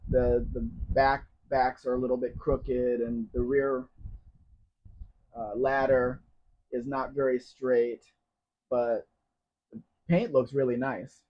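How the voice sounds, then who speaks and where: A man's voice: medium pitch, level tone, slow, long pauses. A man hosts a live question-and-answer stream, reading viewers' comments aloud and answering them. He talks in a chatty way and slips in dry jokes. The audio is dull and lo-fi, like a basic stream setup. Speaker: host.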